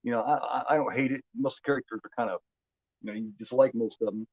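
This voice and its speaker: A man's voice: mid-range voice, fairly even intonation, fast, breathy edge, no echo, highs cut off. A man from Indiana with a Midwestern American accent, hosting a movie watch-along stream in loose casual chat, rambling and repeating his words. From United States.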